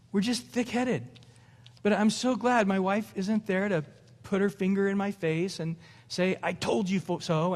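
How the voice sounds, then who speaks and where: Man preaching in a reverberant hall. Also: sits high. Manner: conversational preaching with laughs and acted-out quotes. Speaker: pastor. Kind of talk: sermon. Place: church sanctuary.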